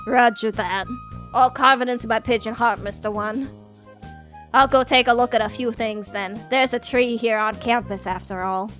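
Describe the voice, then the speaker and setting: A woman's voice: fairly high pitch, normal speed, soft background music, natural voice. A woman voicing a laid-back young male pigeon student in an easygoing way. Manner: easygoing, relaxed.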